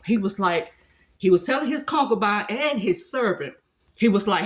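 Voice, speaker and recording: A woman's voice: medium pitch, expressive, normal speed. A woman giving a casual devotional talk, retelling a Bible story in a colloquial, conversational way. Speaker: speaker sharing a devotional.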